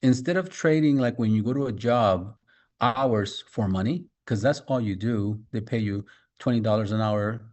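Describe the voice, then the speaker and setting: A man's voice: lowish voice, normal speed, a little mellow. A man giving a motivational business training talk, emphatic, repeating key points and speaking straight to his listeners.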